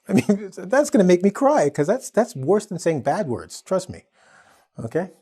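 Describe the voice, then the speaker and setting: A man's voice: sits high, big pitch swings, moderate pace, dark tone. A man from Canada teaching an online English lesson, playful and acting out exaggerated quotes.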